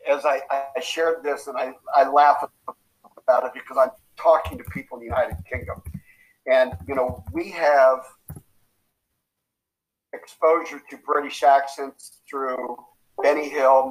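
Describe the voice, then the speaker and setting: A man speaking as a coaching guest in casual motivational talk. He tells his stories with animation and acts out quotes with big jumps in pitch. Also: steady tone, unhurried, pauses often, low-quality recording.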